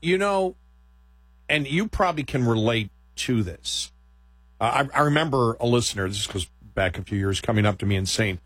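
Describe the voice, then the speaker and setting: A man's voice: medium pitch, lively intonation, moderate pace, a bit bright, husky, no room sound. Rambling laughing male radio host. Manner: rambling, laughing, self-quoting. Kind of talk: casual radio chat.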